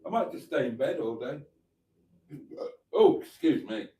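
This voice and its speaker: A man's voice: medium pitch, big pitch swings, unhurried, dark tone. A man hosting a casual livestream, reading viewer messages aloud in a camp, joking way. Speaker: livestream host. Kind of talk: casual live chat reading comments.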